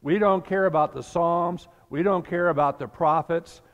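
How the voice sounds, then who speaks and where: A man's voice: on the high side, normal speed, highs cut off. An older man preaching a sermon as pastor, telling the scripture story and acting out the voices in it. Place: church sanctuary. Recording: long church reverb.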